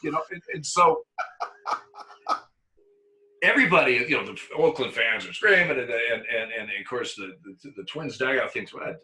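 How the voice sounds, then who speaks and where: An older man recounting his umpiring days in a casual interview. His voice is very bright and sharp, and he stumbles over repeated words and breaks into laughter. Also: medium pitch, lively intonation, moderate pace, pauses often, low-quality recording. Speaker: former umpire.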